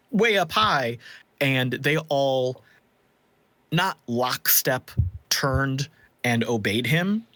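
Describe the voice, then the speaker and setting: Casting note: male game master, slow deliberate narration, dry close sound. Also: mid-range voice, a bit bright, no echo. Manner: measured, descriptive, with filler ums.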